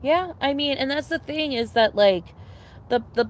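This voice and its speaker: A young woman chatting casually on a livestream, rambling with lots of fillers and restarts, swearing freely and getting excitable. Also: high voice, moderate pace, slight background noise. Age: young adult. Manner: animated, laughing and excitable. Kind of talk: casual chat to a live audience.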